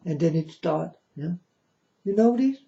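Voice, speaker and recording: On a dull lo-fi recording, a channel host rants in a blunt, scornful, preachy monologue. He has a slightly high, expressive, warm voice with vocal fry, and he speaks a little slowly.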